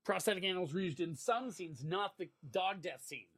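A man co-hosting a casual movie commentary, throwing in joking asides and quick reactions with swearing. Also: high voice, expressive, a bit bright, no echo, clean studio sound. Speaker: podcast co-host.

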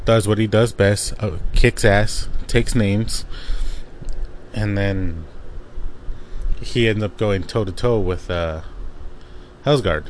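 A man's voice: fairly low pitch, slight background noise. A man casually recapping a comic book plot, rambling with lots of fillers and restarts.

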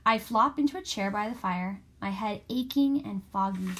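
A woman's voice: mid-range voice, normal speed. Woman narrating an audiobook. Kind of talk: scripted first-person narration.

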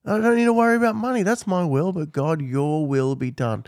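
A man's voice: fairly high pitch, a little fast, darkish tone, dry recording, clean studio sound. A man, hosting a podcast in a casual, earnest teaching style and laughing often. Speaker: podcast host.

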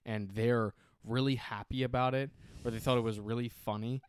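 A man's voice: medium pitch, steady tone, normal speed, clear, resonant tone. Rambling young man on a podcast. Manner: rambling, hedging, self-critical. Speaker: podcast co-host. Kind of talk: casual chat.

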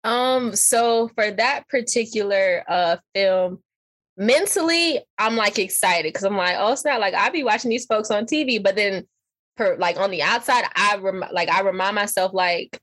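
A young woman, an actress and model coach, talking casually as an interview guest, animated and laughing often. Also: mid-range voice, moderate pace. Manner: animated, laughs often, puts on voices when quoting.

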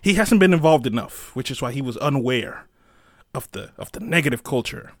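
A man co-hosting a podcast in casual chat, laid-back and halting, with frequent fillers. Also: mid-range voice, big pitch swings, creaky, no room sound, clean studio sound. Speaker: podcast co-host.

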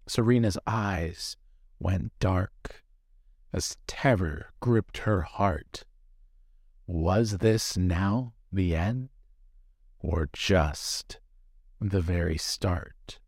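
A man narrating a rhyming story in a measured, unhurried way. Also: deep voice, a little mellow, no echo, clean studio sound.

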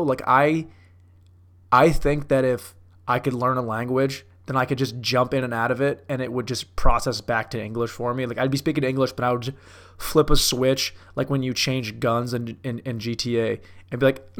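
A man's voice: medium pitch, steady tone, moderate pace, fairly bright tone. A young man riffing casually on movies, profane and self-mocking, like a comic doing a bit. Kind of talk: casual rambling commentary.

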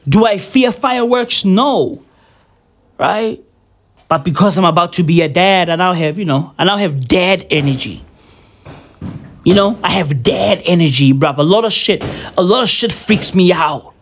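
With a high voice and lively intonation, a young man takes his time ranting casually to camera in his home during New Year. He curses, rambles, and plays it mock-serious while peppering his talk with slang.

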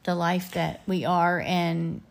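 A woman's voice: on the low side, level tone, slow pace, creaky. A woman in her fifties, a podcast co-host and teacher, chatting casually and thoughtfully with frequent fillers. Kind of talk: casual chat.

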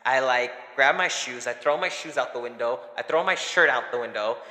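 Young man, podcast co-host, animated storyteller, bright tone, reverberant room. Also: mid-range voice, moderate pace. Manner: animated, laughing, acts out quotes. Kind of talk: casual storytelling chat. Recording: echoey room with long reverb.

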